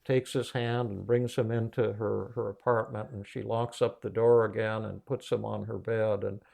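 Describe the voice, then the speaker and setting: A man hosting a podcast, telling a story in a casual, animated way with many restarts. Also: on the low side, moderate pace, creaky. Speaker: podcast host and psychiatrist.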